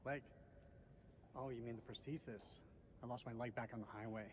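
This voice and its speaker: An actor playing a bitter, gruff man who lost his leg, in a game scene. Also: medium pitch, steady tone, normal speed, big-room sound, natural voice. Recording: game audio with noise.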